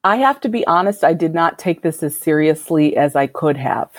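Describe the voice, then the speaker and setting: A woman doctor answering interview questions in a candid, reflective and measured way. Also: deep voice, animated, no echo. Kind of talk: conversational interview.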